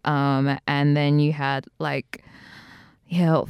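A woman chatting casually about films and TV, bubbly and quick to laugh, telling animated stories. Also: deep voice, creaky, smooth, dry recording. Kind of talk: casual chat.

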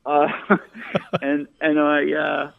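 A man's voice: fairly high pitch, very slow, gravelly, dry recording. Man storytelling over a phone line. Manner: animated storyteller, frequent restarts. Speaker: comedian guest. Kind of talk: casual radio interview.

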